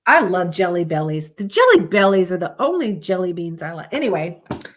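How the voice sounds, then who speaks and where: A woman's voice: fairly low pitch, very animated, a little fast, slight background noise. A woman hosting a live-stream podcast, talking in a candid, rambling way and swearing freely, with a stuffy cold. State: congested with a constant cold. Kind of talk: casual live-stream chat.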